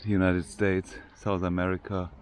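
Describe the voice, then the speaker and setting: A man's voice: sits low, flat delivery, moderate pace, slight background noise. An older man with a German accent, chatting casually in unpolished English while walking through a large cemetery for his vlog. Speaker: vlogger.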